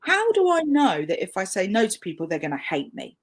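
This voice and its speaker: A woman's voice: mid-range voice, huge pitch swings, brisk, husky. A woman with a British accent giving a live webinar training talk over a video call, chatty, self-deprecating and emphatic. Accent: British English.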